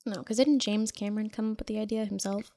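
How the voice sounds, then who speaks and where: A young woman co-hosting a podcast in casual chat, animated and jumping into funny voices when she quotes people. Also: medium pitch, quick pace, creaky. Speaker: podcast co-host.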